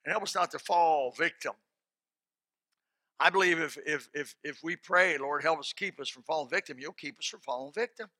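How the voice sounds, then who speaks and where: Bright-voiced, animated male preacher. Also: fairly high pitch, normal speed, no echo. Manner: folksy and animated, bursting into shouts; plain colloquial speech. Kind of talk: sermon with closing prayer.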